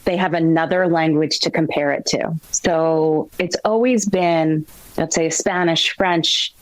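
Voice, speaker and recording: A woman being interviewed as a grammar expert, telling lively classroom stories. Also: low-pitched, unhurried, no room sound, low-quality recording. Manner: storytelling, animated quotes. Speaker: guest, grammar expert and author. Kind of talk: interview conversation.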